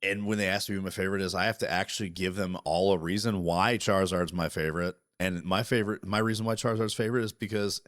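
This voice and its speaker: A man chatting casually as a podcast co-host, animated and profane, talking over interruptions. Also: low-pitched, quick pace, few pauses, dry recording, studio quality. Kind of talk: casual chat.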